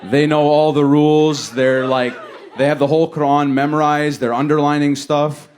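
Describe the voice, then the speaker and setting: A man doing a stand-up set on a comedy stage, talking in a laid-back way and jumping high and loud when he acts out other people. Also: little pitch movement, normal speed. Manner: laid-back delivery, jumps high and loud for acted quotes. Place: comedy stage before a laughing audience.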